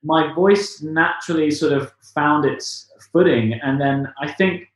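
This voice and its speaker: A man from England who sings in musical theatre rambles through a casual interview, frequently correcting himself. He has a fairly high voice and a measured pace, captured far from the mic in a very echoey space.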